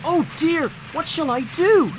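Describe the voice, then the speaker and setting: A man voicing an eager, proud little tank engine that is excitable and quick to fret, in a storybook audiobook. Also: fairly high pitch, noisy background. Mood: flustered.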